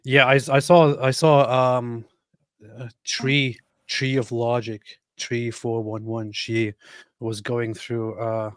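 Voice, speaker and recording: Relaxed man mocking a clip. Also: mid-range voice, slow pace, no room sound, studio quality. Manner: mocking, laughs often, relaxed. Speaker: livestream host. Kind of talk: casual commentary chat.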